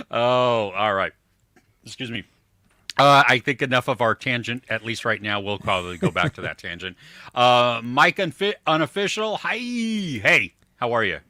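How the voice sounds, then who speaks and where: A man co-hosting a podcast, talking excitedly in rambling tangents. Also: medium pitch, unhurried, dry recording, studio quality. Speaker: podcast co-host. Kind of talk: casual chat.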